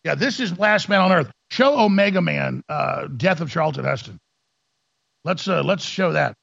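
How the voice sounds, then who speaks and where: Gravelly ranting talk radio man. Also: a little high, animated, normal speed, fairly bright tone, no echo, dull audio. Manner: ranting, sarcastic, mimics opponents in mocking voices. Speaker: radio talk show host.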